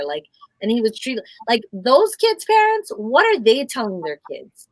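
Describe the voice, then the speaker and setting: A woman's voice: a little high, very animated, normal speed, a bit bright, dry recording, rough recording. Outspoken woman on a dry live stream. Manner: frank and outspoken, swears freely. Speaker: co-host. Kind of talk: casual live-stream chat.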